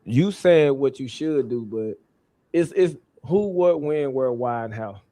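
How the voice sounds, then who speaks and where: A man's voice: medium pitch, expressive, measured pace, dark tone. A man as a guest in a casual conversation, talking loosely and trailing off while he searches for the right words.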